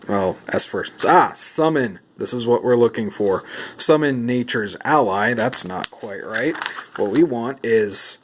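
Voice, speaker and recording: A man's voice: medium pitch, very animated, measured pace, a little hiss or hum. Man in a mock-serious comedic monologue. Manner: mock-serious, theatrical, asks questions to a silent companion. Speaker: vlogger. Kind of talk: comedic monologue while reading rulebooks.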